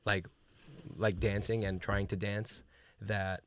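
A man's voice: on the low side, level tone, takes it slowly, slight background noise. A middle-aged man, hosting a podcast in casual, hesitant chat full of "uh"s and "like"s. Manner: chatty, hesitant, lots of "uh" and "like". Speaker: podcast host.

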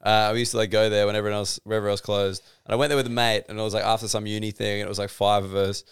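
Smooth-voiced Australian man, wry. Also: lowish voice, flat delivery, racing, dry recording. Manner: wry, dry quips. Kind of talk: casual chat.

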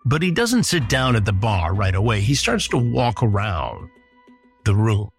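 A man's voice: lowish voice, sing-song, measured pace, creaky, music in the background. Man telling a true-crime story. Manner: dry, sarcastic asides. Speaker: podcast host narrating a past sting.

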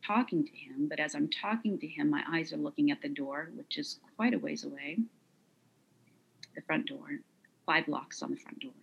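A middle-aged woman recounting a personal story in an interview, quiet, measured and halting. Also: low voice, gravelly, husky, lo-fi sound. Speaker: guest.

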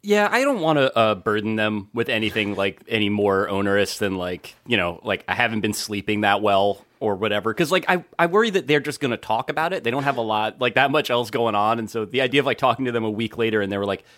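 A man's voice: fairly low pitch, fast, hardly any pauses, fairly bright tone, no room sound. A young man co-hosting a podcast, making wry remarks in casual chat full of filler likes. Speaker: podcast co-host.

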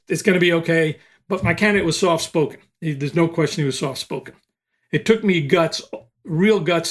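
Older male podcast guest, lively storyteller with a fairly high voice. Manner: animated storyteller, acts out quotes. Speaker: recruiting expert guest.

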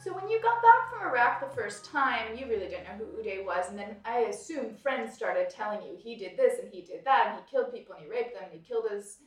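A woman interviewer asking brief, measured questions. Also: a little high, animated. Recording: distant, roomy mic with faint music.

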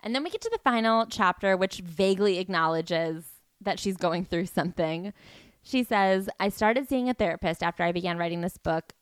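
A woman's voice: medium pitch, normal speed, smooth, dry recording. A woman co-hosting a podcast in casual chat, wry and dry, often reading book passages aloud. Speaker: podcast co-host.

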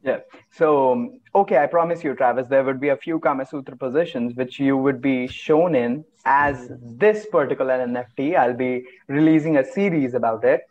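A man's voice: mid-range voice, normal speed, darkish tone. Young Indian-accented man, dull call audio. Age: young adult. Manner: earnest storytelling. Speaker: guest.

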